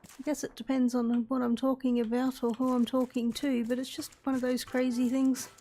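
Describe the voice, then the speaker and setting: A woman's voice: sits high, flat delivery, normal speed, warm tone. An Australian woman giving casual let's-play commentary, chatting and thinking aloud to herself as she plays. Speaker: gaming YouTuber.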